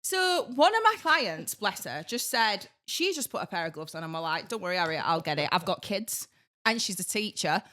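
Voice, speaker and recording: A woman, co-hosting a podcast and telling a story in a casual, animated way, laughing through her words. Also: medium pitch, normal speed. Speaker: podcast co-host.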